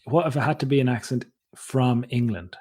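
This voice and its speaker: A man's voice: medium pitch, a little fast, darkish tone. Playful male podcast host who drives the chat with questions. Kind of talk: casual chat.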